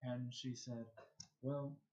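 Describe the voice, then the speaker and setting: Halting American man telling a story. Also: medium pitch, little pitch movement, a little mellow. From United States. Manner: halting, repeats words and restarts often. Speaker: streamer. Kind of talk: casual storytelling while streaming.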